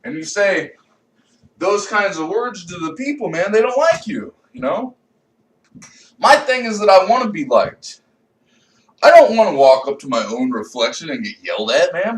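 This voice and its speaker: Brief: young male comedian, high-pitched, profane rambling rant, recorded off-mic in an echoey room. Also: sing-song, normal speed, far from the mic. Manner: rambling, swings between low mutters and loud outbursts.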